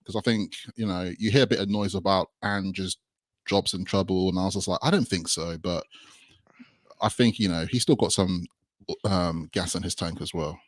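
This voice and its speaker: Chatty guy, lowish voice, dry sound, laughs a lot talking football. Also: fairly even intonation, moderate pace, no room sound. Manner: chatty, laughs often, repeats himself. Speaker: podcast co-host. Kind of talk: casual football chat.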